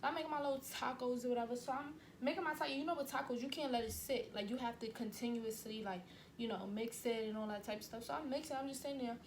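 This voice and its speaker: Animated young woman telling a storytime. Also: on the high side, fast talker, noisy background. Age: 20s. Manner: animated, acts out scenes, addresses viewers directly. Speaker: vlogger. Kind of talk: storytime vlog. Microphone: camera mic.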